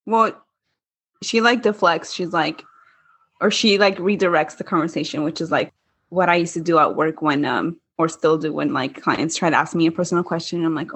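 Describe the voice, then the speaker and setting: A woman's voice: deep voice, moderate pace, breathy edge. A young woman co-hosting a podcast, chatting casually about a TV show, laughing often and acting out quotes. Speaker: podcast co-host. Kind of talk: casual chat recapping a TV show.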